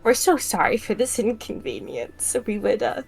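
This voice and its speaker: A woman's voice: on the high side, big pitch swings, moderate pace, vocal fry, slightly rough, exaggerated voice. A woman voicing a polite, nervous young woman traveler who rambles as she pleads.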